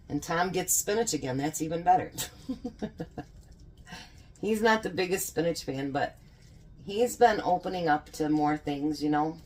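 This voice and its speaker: This woman's low, slightly mellow voice comes through over a little background noise. She's a home cooking vlogger, chatting folksily and laughing frequently as she cooks.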